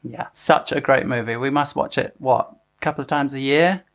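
Very low-voiced playful woman host. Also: moderate pace. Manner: playful, jokey, mock ad plugs. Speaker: podcast host. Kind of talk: casual chat.

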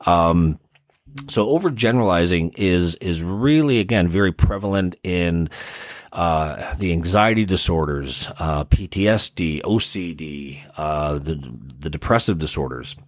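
A man's voice: low voice, unhurried, no room sound, studio quality. A man with a Midwestern American accent, hosting a podcast and casually explaining therapy concepts through everyday examples.

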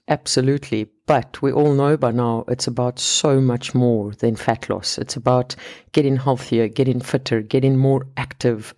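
A man's voice: medium pitch, a little mellow. A man hosting a solo podcast on fat loss, talking in a chatty way and often rephrasing and repeating his points.

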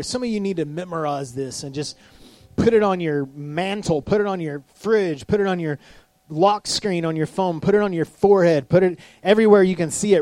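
A man preaching a sermon as a pastor, animated, acting out the voices of people he quotes. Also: high-pitched, dry recording.

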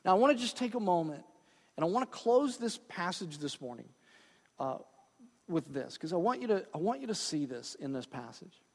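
A man's voice: high voice, very animated, normal speed, vocal fry, long reverb tail. A male pastor preaching a sermon in a conversational way, with frequent asides and check-ins with the congregation.

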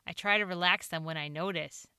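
Bright, earnest woman storyteller. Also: lowish voice, a little fast, clean tone, no echo, clean studio sound. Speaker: author and show host. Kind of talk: reading a personal story aloud.

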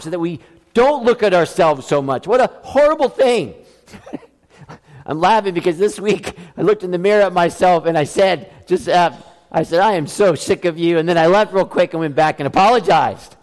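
A man's voice: fairly high pitch, darkish tone, in a large hall. A man preaching a sermon as a pastor, emphatic, with many rhetorical questions.

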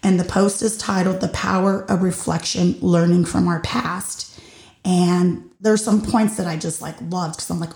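A woman's voice: lowish voice, fairly even intonation, unhurried, vocal fry, darkish tone, roomy sound. A woman hosting her own show, musing thoughtfully and a little hesitantly in a casual monologue. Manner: thoughtful, hesitant, with many fillers and restarts. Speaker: podcast host.

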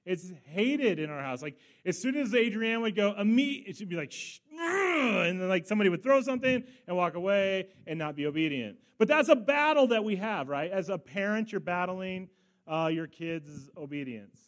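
A man in middle age preaches from the front, telling a long family story with lively asides and bursts of laughter. His voice sits fairly high for a man, and he keeps the sermon casual and chatty. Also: moderate pace. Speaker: pastor.

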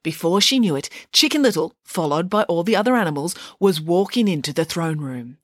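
A woman reading a children's story aloud as its storyteller, in an animated, playful way. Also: on the low side, fairly quick, dry recording, clean studio sound.

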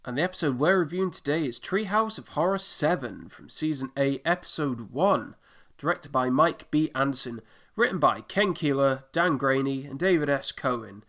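A man's voice: fairly high pitch, animated, moderate pace, a bit bright. Chatty podcast host, man. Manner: chatty, lots of fillers like "there". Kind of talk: casual podcast chat.

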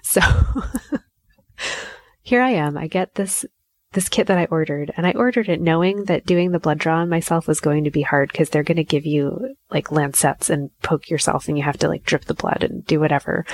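A woman in her thirties casually telling a personal story, animated and self-mocking, acting out her own inner voice. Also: deep voice, moderate pace, no echo.

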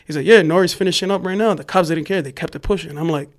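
Young man, slightly high voice, animated and profane, casual storytelling, acts out yelling voices. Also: fast talker. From New York. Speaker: podcast guest, graffiti writer.

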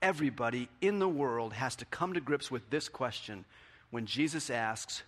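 A man preaching a sermon as pastor, animated, acting out the quotes in a raised voice. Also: medium pitch, moderate pace. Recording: hall with long reverb.

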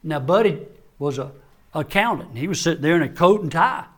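An older man, a family doctor, giving a sermon-style talk to men, with folksy humorous stories and soft, low-voiced serious moments. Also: animated, fairly quick. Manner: folksy, humorous storytelling with dry asides. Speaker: family doctor and conference speaker.

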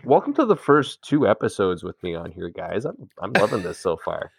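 A man's voice: on the low side, big pitch swings, normal speed, creaky, slightly rough, no room sound. A man from Canada, co-hosting a podcast and telling raunchy stories in loose, laughing casual chat. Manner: bawdy, storytelling, laughing often. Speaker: podcast co-host.

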